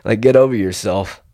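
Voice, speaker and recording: A young male vlogger rambles through a casual monologue, laid-back and loose, in a lowish, darkish voice. He drops "dude" into nearly every thought. The recording is dry and close, with little room sound.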